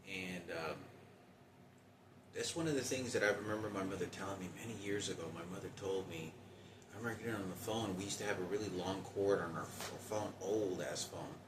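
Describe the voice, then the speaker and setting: A man in his forties talking in a halting, rambling personal monologue with many restarts. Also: sits low, roomy sound, distant mic, noisy background. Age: 40s.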